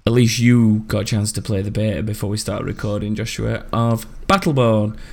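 A man's voice: on the low side, steady tone, brisk, gravelly. A man hosting a casual gaming podcast, chatty and jokey, recording at home. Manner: chatty, jokey, talks over others. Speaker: podcast host. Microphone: home recording setup, hears himself while talking.

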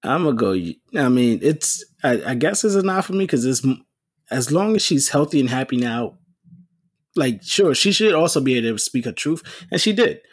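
A man's voice: mid-range voice, big pitch swings, normal speed, breathy edge. A man co-hosting a casual podcast, teasing his friends and arguing his point. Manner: teasing, argumentative. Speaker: podcast co-host. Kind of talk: casual group chat.

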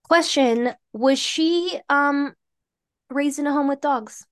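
A woman's voice: sits high, slow pace. A young woman co-hosting a podcast, chatting casually and bluntly, laughing often. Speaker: podcast co-host. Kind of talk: casual chat.

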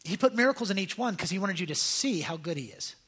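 Young man, casual sermon, bright voice, husky, animated storytelling. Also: high-pitched, fast. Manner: animated, conversational, many fillers and restarts. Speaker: pastor.

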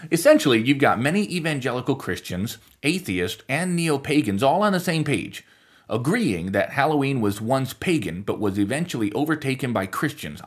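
A man's voice: mid-range voice, breathy edge. A man hosting a podcast, delivering scripted commentary with wry, sarcastic asides. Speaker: podcast host.

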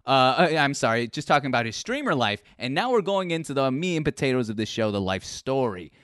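A man hosting a livestream interview show, talking in an animated way and often repeating his words. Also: medium pitch, fast, no echo, clean studio sound. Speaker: host.

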